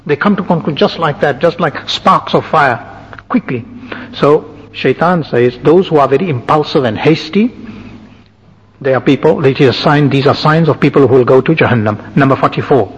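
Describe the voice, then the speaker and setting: Slightly high and a bit rough, this man's voice carries a sermon laid out point by point, with lists and many side remarks in a measured lecturing style. It's captured in lo-fi sound with a long, echoing hall reverb.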